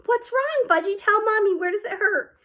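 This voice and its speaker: A woman's voice: very high voice, animated, moderate pace, sharp tone, voice pushed up, heavily acted. A woman reading an audiobook, voicing a mother who soothes and coaxes her small son. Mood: fussing. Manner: soothing, coaxing. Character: fussing caring mother.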